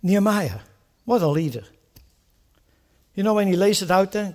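Male pastor with a high voice, preaches an animated sermon, keeps asking the congregation questions. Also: moderate pace, pauses often. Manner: animated preaching with rhetorical questions and acted-out prayers.

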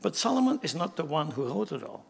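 Male pastor, higher register, emphatic sermon delivery with rhetorical questions, reverberant sanctuary. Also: big pitch swings, fast, creaky, husky. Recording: long hall reverb.

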